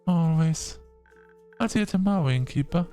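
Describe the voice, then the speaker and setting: A man voicing a cheerful, grateful tavern patron in an excited, raised voice for a game. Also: a little high, normal speed, soft background music, pitched above the performer's own voice, natural voice. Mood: touched.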